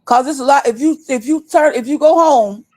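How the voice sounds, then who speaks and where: A woman's voice: sits high, a little fast, a little mellow. A woman over thirty-five, host of a livestream, scolding her viewers bluntly and with a lot of cursing. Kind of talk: heated livestream rant. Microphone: desktop stream mic.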